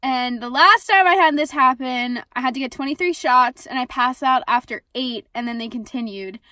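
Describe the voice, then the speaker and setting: Brief: high-pitched young woman, sarcastic storyteller, dry close sound, in a car. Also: normal speed, no room sound. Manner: expressive, swearing, sarcastic storytelling. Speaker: vlogger. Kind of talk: casual storytime vlog.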